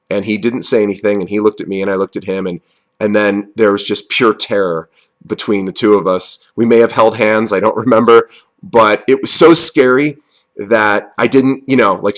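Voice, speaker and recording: Man telling a story in a low voice. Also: a bit bright. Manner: rambling, with frequent restarts and chuckles. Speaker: podcast host. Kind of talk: casual personal storytelling.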